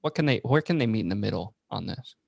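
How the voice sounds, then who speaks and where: Male podcast host, low and gravelly, dry close sound, hesitant questions. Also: lively intonation, fast talker, darkish tone, dry recording. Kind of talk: casual interview conversation.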